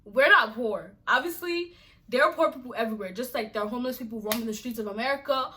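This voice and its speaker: Bright-voiced woman vlogger from Nigeria. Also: a little high, quick pace. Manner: exasperated, emphatic, repeats rhetorical questions. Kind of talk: casual to-camera rant.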